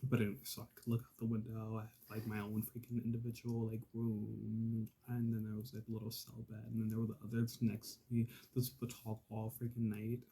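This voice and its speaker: A man vlogger telling a casual, profane story, swinging from loud exasperated outbursts to hushed asides. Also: fairly low pitch, completely flat delivery, a little fast, vocal fry, few pauses, a little hiss or hum.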